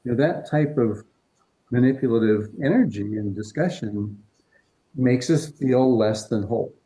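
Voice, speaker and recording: A man presenting an energy-healing workshop demonstration in an indoor event room, calmly instructing and walking a participant through each step. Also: medium pitch, a little slow. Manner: calm, instructive, guiding through steps.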